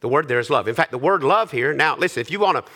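A man's voice: on the high side, lively intonation, fast, sharp tone. A man preaching a sermon, reading scripture and then explaining it with repetition and asides to the congregation. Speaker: pastor.

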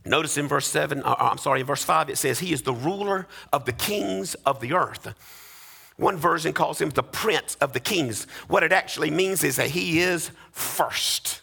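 Pastor guy preaching, raspy gravelly voice, bright and tense, sing-song refrains. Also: a little high, normal speed. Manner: emphatic preaching with repeated refrains, rising to near-sung cadences. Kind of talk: sermon.

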